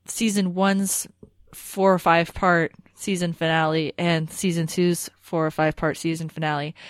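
A woman co-hosting a podcast with a lowish voice, talking things through in a thoughtful, hedging way. The recording is close and dry with no room sound. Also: no echo. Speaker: podcast co-host. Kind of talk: casual discussion.

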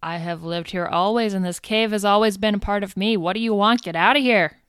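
A woman voicing an irritated giant female spider boss, yelling in a shrill, exasperated way during a tabletop game. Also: a little fast, clear, resonant tone, no room sound, clean studio sound, lightly acted. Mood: dismissive.

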